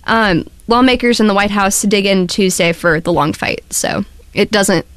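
Radio co-host, woman, measured and hedging in a casual debate; mid-pitched, dry studio sound. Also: no echo. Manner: measured, hedging, cites news articles.

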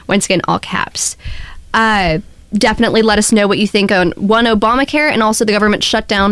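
Woman radio co-host, measured and hedging, casual political debate, dry close sound. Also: medium pitch, a bit bright, dry recording. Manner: measured, hedging, cites news articles.

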